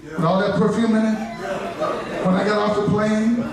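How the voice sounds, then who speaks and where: A man preaching a revival sermon, telling stories in folksy asides and building from low narration to shouted climaxes, with the congregation answering back. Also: steady tone, normal speed, crowd noise. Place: church sanctuary. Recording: echoey church hall from far off, congregation. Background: congregation responding.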